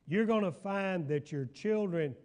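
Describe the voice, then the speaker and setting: Slow-talking older pastor. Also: male voice, high-pitched, a little mellow. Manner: folksy storytelling, asks the room if they follow. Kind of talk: Bible study teaching. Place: church hall.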